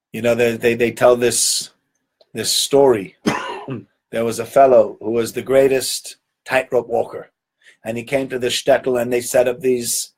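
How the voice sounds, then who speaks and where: A man teaching a weekly Torah lesson, telling stories in an animated way and often repeating words. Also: mid-range voice.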